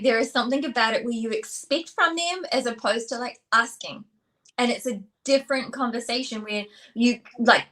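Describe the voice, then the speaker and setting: A woman co-hosts a relationship talk show as its relationship expert, chatting casually with lots of fillers and acting out little quotes. Her voice runs on the high side and a bit bright.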